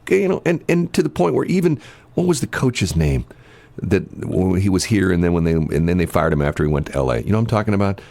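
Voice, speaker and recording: A man's voice: deep voice, animated, fast, gravelly, darkish tone. A man hosting a morning radio show, telling rambling stories with jokey asides in casual chat. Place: radio studio. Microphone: studio microphone.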